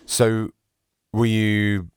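A man's voice: lowish voice, little pitch movement, very slow, clear, resonant tone, no room sound, clean studio sound. A man hosting an interview, curious and laughing along as he asks his questions. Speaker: interviewer, host.

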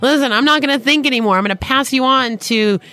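A woman's voice: high voice, fast, pushed and bright, no room sound. A woman with a Boston accent hosting a radio talk show, bubbly and enthusiastic, laughing often. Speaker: host. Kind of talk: casual radio show chat.

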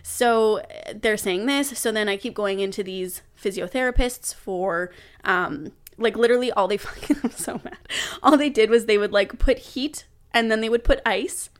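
A woman's voice: fairly high pitch, moderate pace. Chatty young woman telling a story. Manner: animated storytelling with laughs and swearing. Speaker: podcast guest. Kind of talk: casual chat.

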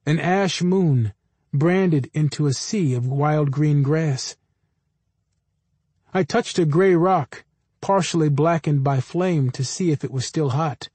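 Guy reading a first-person audiobook, kinda high voice, dead dry sound. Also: takes it slowly, a little mellow, husky, dry recording. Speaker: audiobook narrator.

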